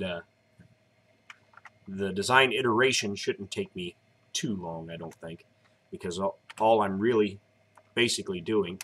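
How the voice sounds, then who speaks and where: A man's voice: lowish voice, breathy edge. Tired, rambling man. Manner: relaxed, rambling, explains step by step. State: tired, yawning. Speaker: live-streaming maker. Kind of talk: casual live-stream chat.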